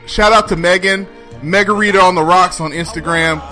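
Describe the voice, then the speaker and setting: A man co-hosting a casual movie podcast, laughing often and talking with loud animated energy. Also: high-pitched, normal speed, soft background music. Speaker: podcast co-host.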